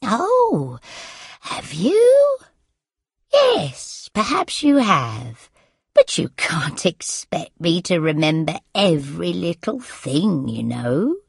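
Woman putting on a fussy, forgetful old mother, gravelly, slow, swooping up and down, storybook reading. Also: fairly low pitch, wildly swooping pitch, no echo, studio quality, full character voice. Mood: vague. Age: older.

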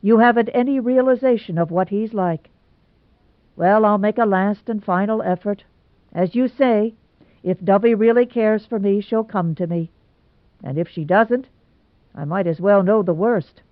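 A woman narrator plays a gloomy, lovesick young man, earnest and complaining, pushing his words out louder. The sound is thin and phone-like, with no room in it. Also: medium pitch, measured pace, no room sound, natural voice. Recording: tinny phone-like sound, dry.

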